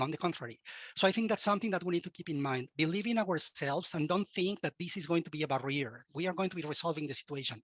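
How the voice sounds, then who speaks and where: A man's voice: a little high, fairly bright tone, no room sound. A man from Mexico with a Mexican Spanish accent, Spanish his first language, giving earnest advice as a guest in an interview and often repeating words as he restarts. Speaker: guest expert.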